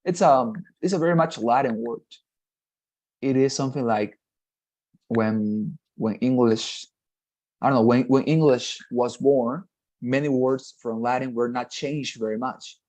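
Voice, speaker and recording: A man teaches an English lesson, going through the grammar one step at a time. His voice is dark and mellow, and he keeps asking "right?" to check his students are following. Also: mid-range voice, measured pace. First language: Spanish. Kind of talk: online class explanation.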